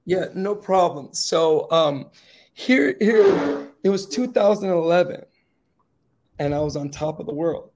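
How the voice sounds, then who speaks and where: Gravelly-voiced man telling a heartfelt story. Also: expressive, measured pace. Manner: earnest storyteller, quiet and grave at low points, rising to rousing encouragement. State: slightly raspy. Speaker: guest speaker.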